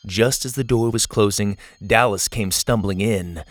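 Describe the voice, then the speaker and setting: Low-voiced male storyteller. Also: measured pace, slight background noise. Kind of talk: storybook narration.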